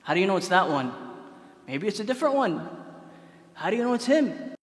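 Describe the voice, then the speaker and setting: A man voicing a sly male devil who taunts a king in a smooth, teasing way. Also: high voice, sing-song, a little fast. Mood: taunting. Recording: echoey hall.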